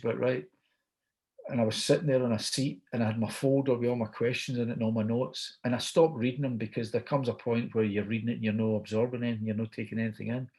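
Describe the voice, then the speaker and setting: A man's voice: medium pitch, darkish tone. A middle-aged man with a Scottish accent, chatting and telling an anecdote, quoting people as he goes. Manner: chatty, quotes people in dialogue. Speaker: guest storyteller.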